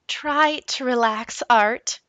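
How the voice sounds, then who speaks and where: A woman voicing an anxious, placating mother in a children's book read aloud, pitching up high and sounding nervous. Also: slow, fairly bright tone, no room sound, muffled recording. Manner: high, nervous and eager to smooth things over.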